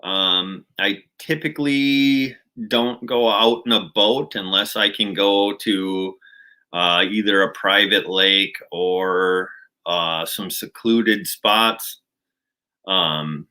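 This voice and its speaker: Minnesotan male host, casual livestream chat, slow and rambling, slightly low voice with a bright tone. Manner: relaxed and rambling, with many fillers and restarts. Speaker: channel host.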